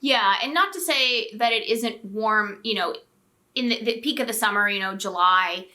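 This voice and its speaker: A woman's voice: medium pitch, moderate pace, sharp tone. A woman realtor co-hosting a casual chat channel, chatty and often laughing.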